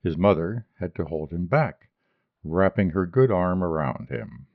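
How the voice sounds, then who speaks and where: A man reading a short story aloud as an audiobook narrator, in a measured, even delivery. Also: sits low, no room sound, phone-quality sound. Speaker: audiobook reader.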